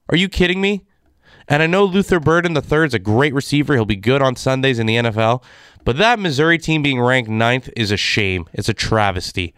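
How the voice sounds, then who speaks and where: Man, casual sports rant, exasperated, smooth clear voice, dry close sound. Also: mid-range voice, a bit bright, no room sound. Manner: exasperated, ranting. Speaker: sports commentator.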